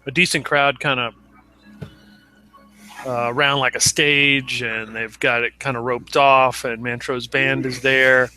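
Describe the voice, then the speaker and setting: A man's voice: mid-range voice, level tone, a little slow, bright, forceful tone, smooth, faint music behind. A man narrating a tabletop game as game master, casual and hesitant, with many fillers.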